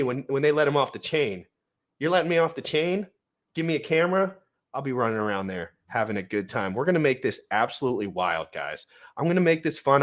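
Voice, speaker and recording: Hyped young man hosting a livestream. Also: mid-range voice. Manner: hyped, slangy, rambling with restarts. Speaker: livestream host. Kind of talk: casual livestream chat reading out viewer names.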